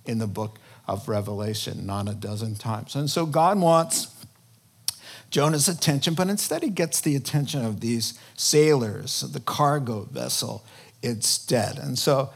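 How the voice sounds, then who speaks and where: A man preaching a sermon in an animated, conversational way, breaking into sudden loud emphasis. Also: mid-range voice, measured pace, vocal fry, husky. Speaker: pastor.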